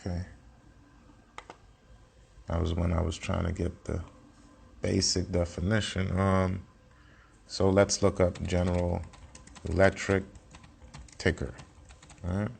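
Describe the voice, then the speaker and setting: A man's voice: low voice, level tone, slow, gravelly, pauses often, darkish tone, slight background noise. A man teaching casually, in a blunt and slangy way with plenty of swearing, repeating his points as he walks through a screen share. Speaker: self-taught investing teacher.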